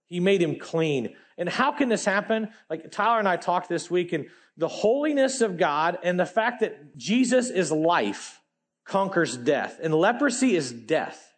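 A man with a high-pitched voice preaches a sermon in a loose, animated style, dropping slang as he goes. He keeps swinging from loud, emphatic peaks down to quiet, low asides. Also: measured pace.

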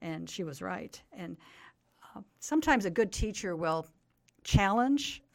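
A woman's voice: medium pitch, animated, unhurried, vocal fry, no room sound. An older woman, a Bible teacher, explaining a scripture story earnestly as a guest on a talk program. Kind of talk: radio interview, storytelling.

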